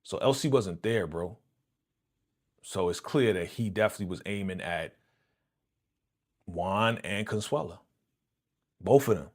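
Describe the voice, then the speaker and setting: A man's voice: deep voice, lively intonation, measured pace, pauses often. A man hosting a reaction video, chatting casually and slangily to viewers, chuckling and repeating himself as he breaks down an episode. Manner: frequent chuckles and repeated phrases. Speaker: reaction channel host.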